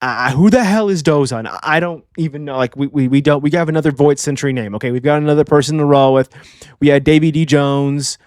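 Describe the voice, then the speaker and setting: A young man hosting a casual manga review channel, animated and slangy, doing voices for characters. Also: on the high side, quick pace, no echo, studio quality. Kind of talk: casual video commentary.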